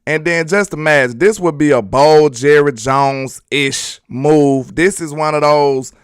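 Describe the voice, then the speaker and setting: A man's voice: on the high side, unhurried, smooth, dry recording, clean studio sound. A man from Alabama with a Southern accent hosting a casual, joking sports talk show and chatting loosely with his viewers. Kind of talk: casual live sports commentary.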